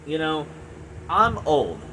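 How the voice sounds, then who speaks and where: A man's voice: on the high side, huge pitch swings, slow pace, background noise. A man in his twenties ranting angrily about gaming, swearing often and rambling with lots of fillers and restarts. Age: 20s. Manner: profane, frustrated, rambling with many fillers. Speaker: gaming video reviewer. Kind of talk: angry ranting monologue.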